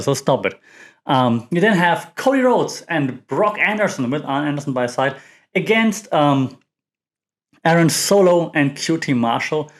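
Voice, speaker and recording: A man hosts a casual wrestling recap podcast in a mid-range voice. He talks in a loose, chatty ramble, full of fillers and quick restarts. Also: medium pitch. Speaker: podcast host.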